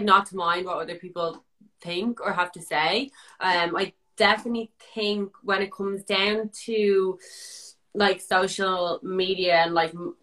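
A young woman with an Irish accent, a guest telling a story in casual chat, animated, swearing freely and full of "like" fillers. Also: on the low side.

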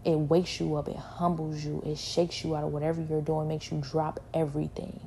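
A woman giving a spoken personal testimony, halting and repetitive, with many fillers. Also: deep voice, level tone, vocal fry, mellow, slight background noise.

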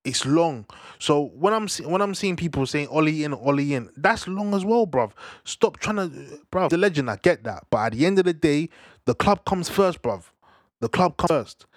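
A young man ranting casually about football, animated and slangy, tagging "bruv" onto his lines. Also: a little high, moderate pace, no room sound, clean studio sound. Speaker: football fan commentator. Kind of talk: casual rant to camera.

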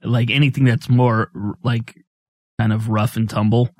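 A man co-hosts a podcast in an easygoing, wry tone, talking at a middle pitch. The sound is close and dry, with no room around it. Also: flat delivery, moderate pace, a little mellow, dry recording. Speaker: podcast co-host. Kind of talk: casual chat.

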